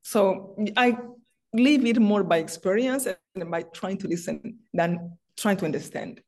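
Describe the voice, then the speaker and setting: A woman's voice: medium pitch, animated, unhurried, a little mellow. A middle-aged woman from Rwanda, a guest author in a faith interview, telling personal stories with feeling and frequent restarts. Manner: heartfelt, personal storytelling with many restarts.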